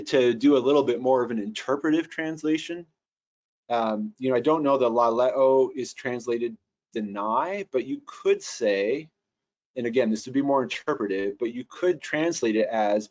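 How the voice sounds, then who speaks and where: A man's voice: medium pitch, dull audio. A man teaching Greek translation notes, thinking aloud with frequent restarts and fillers. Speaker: Bible software trainer.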